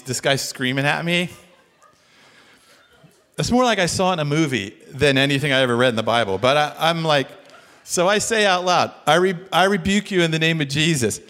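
A man telling a story in a sermon, animated and self-deprecating, acting out what people said. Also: medium pitch. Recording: long hall reverb.

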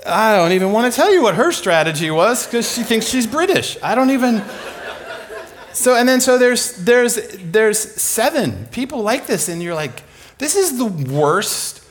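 A man's voice: high-pitched, very animated, normal speed. A man preaching a sermon, telling comic stories with lots of laughter. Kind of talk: sermon storytelling.

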